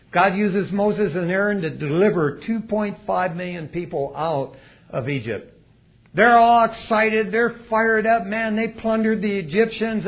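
A man preaching a sermon in a folksy way, swinging between loud and hushed delivery. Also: fairly high pitch, slightly rough. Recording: dull lo-fi recording.

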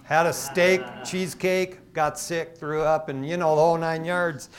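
Male pastor, middle-aged, from Michigan, casual storytelling sermon, lively asides. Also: on the high side, a little slow. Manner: conversational, animated storytelling with asides. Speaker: associate pastor.

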